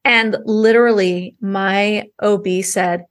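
Chatty woman host, higher voice. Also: a bit bright. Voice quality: conversational, with quick agreeing interjections. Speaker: podcast host. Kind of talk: casual chat.

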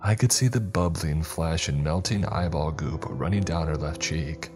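A man narrating a first-person horror story in a calm storytelling voice with dry asides. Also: rumbling low, moderate pace, over music. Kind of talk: scripted narration.

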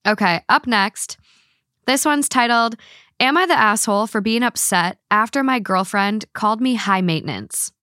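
A woman hosting a podcast, chatting casually and reading listener stories aloud in a blunt, animated way. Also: on the high side, moderate pace, dry recording, studio quality. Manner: blunt, swears freely, animated. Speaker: podcast host.

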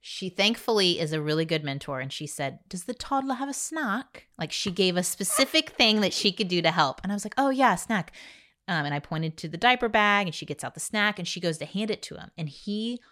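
A middle-aged woman with a slightly low voice co-hosts a chatty podcast. She tells stories with animation, jumping into the voices of the people she quotes. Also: a little fast, hardly any pauses. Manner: animated storyteller, acts out quotes. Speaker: podcast co-host. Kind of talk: casual chat and storytelling.

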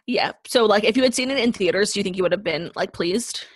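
A woman's voice: mid-range voice, fast, dry recording. A woman co-hosting a podcast in casual chat, constantly saying "like" as she talks. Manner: chatty, fills speech with "like". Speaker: podcast co-host.

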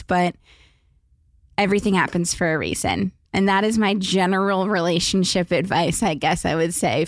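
A woman's voice: lowish voice, no echo. Young woman, podcast host, chatty, filler words, dry close mic. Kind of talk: casual advice chat.

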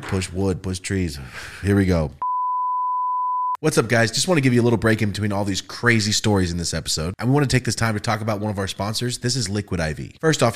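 A young man hosting a podcast, telling party stories in casual, profane, animated style. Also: fairly low pitch. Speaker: podcast host. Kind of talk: casual storytelling.

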